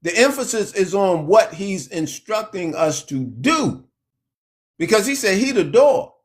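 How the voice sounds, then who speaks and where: A man preaching a sermon in a slow, emphatic way, lifting his voice when he quotes scripture. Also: high voice, very animated.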